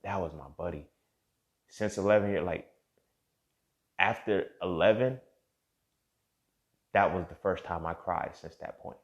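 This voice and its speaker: A man's voice: low voice, unhurried, pauses often, highs cut off. A man hosting a show and telling a personal story in a casual, profane way, often speaking straight to the listener. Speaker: host.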